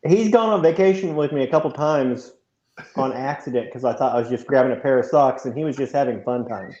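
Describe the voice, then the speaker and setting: A man's voice: medium pitch, brisk, a little mellow. A man co-hosting a casual live chat, enthusiastic and joking, heard over a video call. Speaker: co-host. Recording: echoey room, dull lo-fi sound.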